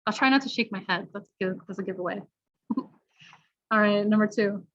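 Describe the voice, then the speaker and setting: An American woman teaching an online pronunciation workshop, encouraging and explaining clearly with examples. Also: medium pitch, normal speed, long pauses. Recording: dull lo-fi video call audio.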